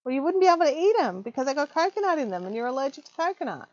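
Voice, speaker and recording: A woman's voice: sits high, very animated, rapid-fire, a little mellow, dull audio. Chatty woman live-streaming crafts. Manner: chatty, reads viewer comments aloud, many ums. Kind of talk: casual live-stream chat. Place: home craft room.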